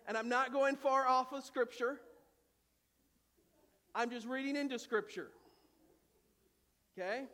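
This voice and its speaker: A male pastor preaching a dramatic sermon, dropping to a hush and rising to shouts, with humorous asides. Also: very high-pitched. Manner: dramatic, swings from hushed to shouting. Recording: long hall reverb.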